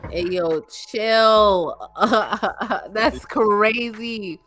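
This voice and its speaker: A podcast co-host in casual chat, blunt with quick reactions. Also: female voice, mid-range voice, fairly bright tone, soft background music.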